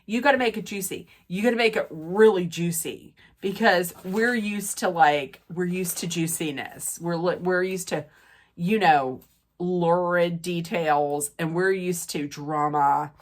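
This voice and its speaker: A woman's voice: on the low side, a little slow. A woman vlogger recapping and ranting about a reality TV episode in a rambling, casual way, with a nasal, stuffy voice from draining sinuses. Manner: chatty, rambling with many fillers and restarts.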